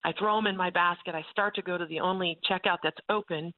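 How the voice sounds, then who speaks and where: A woman who runs a ranch ministry, telling a faith testimony in an animated way and acting out the voices of the people in her story. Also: fairly low pitch, fast talker. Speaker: ranch ministry leader and speaker. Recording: tinny phone-like sound.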